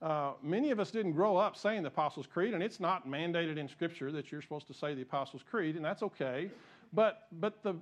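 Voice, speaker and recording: Man, pastor, church sermon, high-pitched voice, impassioned, repeats himself. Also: fairly quick. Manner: impassioned, gets fired up and rises in pitch; repeats and restarts phrases. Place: church sanctuary.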